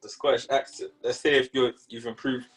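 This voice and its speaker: A young man co-hosting a casual podcast chat, teasing and joking with loud laughs. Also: medium pitch, little pitch movement, fairly quick, husky. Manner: teasing, jokey, laughs loudly. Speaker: podcast co-host.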